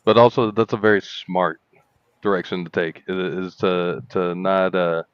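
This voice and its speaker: A man's voice: deep voice, steady tone, normal speed, smooth, dry recording, highs cut off. A man hosting a casual podcast, stammering and repeating words as he works toward his point.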